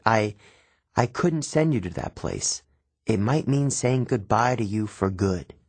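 A man voicing a protective, worried mother who speaks softly and pleads. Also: lowish voice, animated, unhurried, husky, dry recording, heavily acted. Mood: pleading. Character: worried, protective mother, middle-aged woman.

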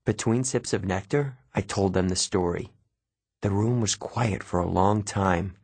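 A man reading scripted first-person narration for an audiobook, steady. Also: low voice, unhurried, husky, no room sound. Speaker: audiobook reader.

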